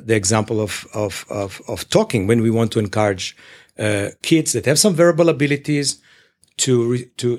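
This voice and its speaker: A man who works as a clinician, explaining his work in an interview with many pauses, fillers and restarts. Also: mid-range voice. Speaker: clinician at a psychological services organization.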